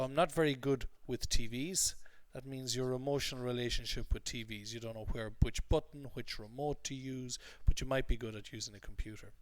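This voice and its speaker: In a recorded lesson recap with no echo, a man with a mid-range voice teaches English usage step by step. He repeats his points and keeps checking in with "okay?"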